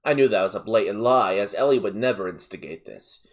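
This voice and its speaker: A man narrating an online story aloud, with animated storytelling and casual asides. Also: lowish voice, a little fast.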